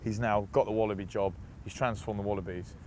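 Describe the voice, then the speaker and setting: A low-pitched man from England talks casually as an interview guest, telling lively stories and mimicking other people's voices as he goes. He is recorded outdoors in a city, with faint street noise behind him. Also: quick pace. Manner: animated storyteller, laughs and mimics voices. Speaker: interview guest, rugby player.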